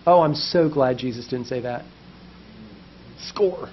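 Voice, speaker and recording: A man's voice: mid-range voice, takes it slowly. Impassioned male preacher, muffled sound. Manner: impassioned, repetitive preaching with rising emphasis. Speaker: pastor. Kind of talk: sermon. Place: church basement.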